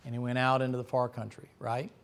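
A middle-aged man preaching a folksy, joking sermon that climbs to loud, shouting peaks. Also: medium pitch, completely flat delivery, quick pace, vocal fry. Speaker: pastor.

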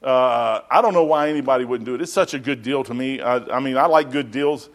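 A man's voice: mid-range voice, brisk. A middle-aged man, preaching a sermon as a pastor in a folksy, rambling storytelling way.

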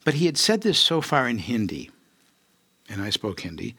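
An older man talks through his memories as an interview guest, lively and quick to laugh, now and then putting on the voices of people he quotes. His voice is slightly husky and sits in a middle register. The sound is dry and close, with no room echo. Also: mid-range voice. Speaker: guest, physician. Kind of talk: storytelling interview.

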